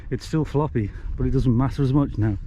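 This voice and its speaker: A man's voice: mid-range voice, a little fast, mellow, slight background noise. A man, casually talking through his own bike repair in a vlog, chatty, blunt and self-mocking. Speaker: DIY e-bike vlogger.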